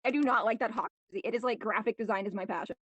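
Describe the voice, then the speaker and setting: A woman's voice: fairly high pitch, racing, fairly bright tone, slightly rough, no echo. A woman on a voice chat making a frank, playful request as a community moderator. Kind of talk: casual chat.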